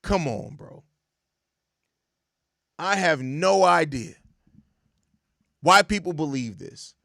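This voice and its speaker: A man's voice: on the high side, lively intonation, takes it slowly, creaky, a bit bright, dry recording, studio quality. A young man hosting a sports show, ranting in exasperated, profane casual commentary and repeating himself. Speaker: sports podcast host.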